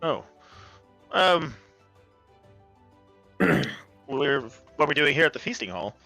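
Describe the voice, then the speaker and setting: A man's voice: a little high, big pitch swings, slow, pushed and bright, soft background music. Hesitant man playing a tabletop game. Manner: hesitant, thinking aloud. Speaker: player.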